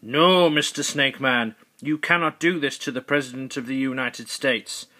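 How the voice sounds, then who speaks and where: A man voicing a solemn male warrior mentor who speaks slowly and formally. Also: mid-range voice, fairly even intonation, bright, forceful tone, natural voice.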